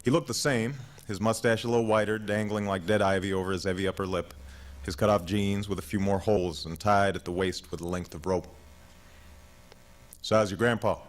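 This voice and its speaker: A man in his thirties narrating his own memoir as an audiobook, in a measured, reflective way. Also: sits low, fairly even intonation, rough recording. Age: 30s.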